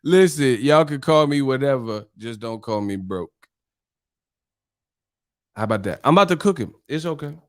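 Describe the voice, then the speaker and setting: Dude running a live stream, cussing and joking with chat, mid voice, dry close sound. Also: male voice, medium pitch, moderate pace, pauses often, no echo. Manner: animated, profane, teasing with chat. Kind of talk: casual live stream commentary.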